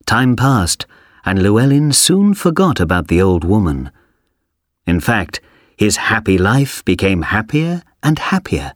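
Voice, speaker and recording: A man reading a story aloud for a language textbook, slowly, clearly and expressively. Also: on the low side, sing-song, no echo, clean studio sound. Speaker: audio reader for a textbook. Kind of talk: scripted storybook narration.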